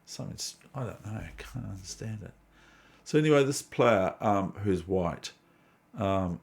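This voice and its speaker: Chess host, New man, low gravelly voice, meandering casual chatter. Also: a little mellow. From New Zealand. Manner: digressive, chatty, self-deprecating. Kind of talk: casual rambling commentary.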